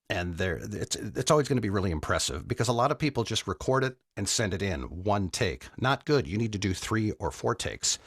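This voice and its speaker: A man who works as a voice actor and coach, giving a relaxed, conversational voiceover lesson with casual asides to the listener. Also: lowish voice, dry recording, studio quality. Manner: relaxed, conversational teaching with frequent "right?" asides.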